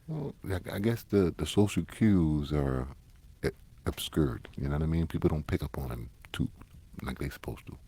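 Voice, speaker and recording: A man's voice: a bass voice, expressive, moderate pace, dark tone, breathy edge. A man hosting a casual podcast, answering his co-host in a laid-back way, with some swearing and chuckles.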